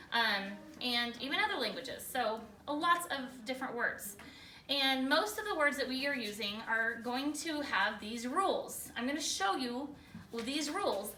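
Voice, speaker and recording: Bright, high-voiced woman teaching a classroom lesson. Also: a little hiss or hum. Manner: energetic, checks in often with questions. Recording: echoey room, far from the mic.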